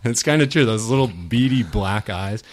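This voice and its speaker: A man's voice: on the low side, lively intonation, moderate pace. A man hosting a casual podcast, rambling animatedly and often laughing as he talks. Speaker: podcast host.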